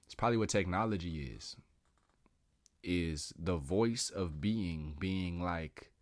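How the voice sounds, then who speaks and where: A man with a deep, low voice holds forth in a loose, drawn-out monologue. He is slangy and profane and laughs along the way. The sound is dry and close, with no room around it. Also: no room sound. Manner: drawn-out, musing delivery. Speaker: podcast host. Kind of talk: casual philosophical monologue.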